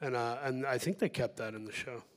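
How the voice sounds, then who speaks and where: Man on a festival panel, self-deprecating, rambling, medium pitch. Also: a little fast. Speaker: actor on a panel. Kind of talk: festival Q&A answers.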